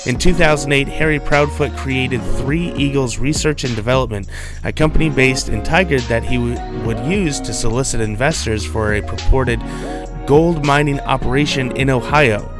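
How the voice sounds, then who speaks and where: A man presenting a local news bulletin in a steady newsreading manner, now and then breaking off for a joking aside. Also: medium pitch, normal speed, over music.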